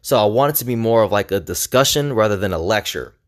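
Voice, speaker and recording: A young man tells a personal story straight to camera in a casual, rambling way. His voice sits fairly low, and he leans on "like" and restarts as he goes. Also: expressive, fast talker. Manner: rambling, filler-heavy with frequent "like". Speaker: vlogger.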